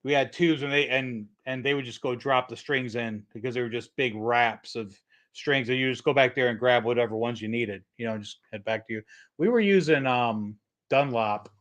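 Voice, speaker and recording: A man's voice: mid-range voice, moderate pace, fairly bright tone. A middle-aged man hosting a casual guitar livestream, rambling with lots of fillers and restarts. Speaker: livestream host, guitar tech.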